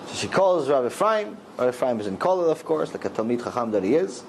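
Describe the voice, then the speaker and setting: A man's voice: mid-range voice, big pitch swings, fast, vocal fry, slight background noise, rough recording. A middle-aged man and rabbi giving a storytelling Torah lecture, acting out the dialogue in raised voices.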